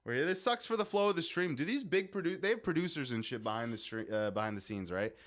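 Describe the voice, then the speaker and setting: A man's voice: fairly high pitch, expressive, fast, fairly bright tone. A young man live streaming, chatting casually with his viewers in a rambling, swearing way that keeps breaking off. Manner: rambling, swearing, self-interrupting.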